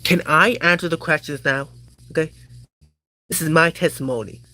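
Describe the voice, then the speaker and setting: A man speaking as a witness in a mock hearing role-play, heated and halting, with fillers and restarts. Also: on the high side, sharp tone.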